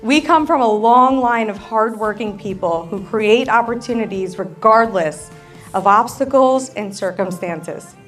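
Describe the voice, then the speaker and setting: A woman's voice: a little high, unhurried. A woman, the bride's sister, giving a wedding reception toast, joking about herself and laughing often. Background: faint crowd and music.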